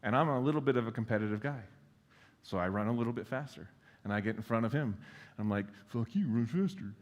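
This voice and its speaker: In a large conference hall, a man delivers a keynote casually and self-deprecatingly, packed with fillers and blunt swearing. His mid-range voice moves at a quick pace, the highs are cut off, and the hall adds long reverb.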